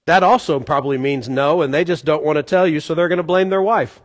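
High-voiced pastor in an echoing hall. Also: male voice, steady tone, fast. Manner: conversational, jokey, acts out quoted voices. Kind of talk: sermon. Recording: long hall reverb.

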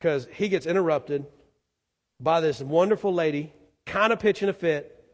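A male pastor delivering a Sunday sermon with a high-pitched voice. He is earnest and builds to loud emphasis before dropping to quiet appeals. The sound carries a long reverb from the church sanctuary. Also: normal speed. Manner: earnest, swells loud then drops quiet.

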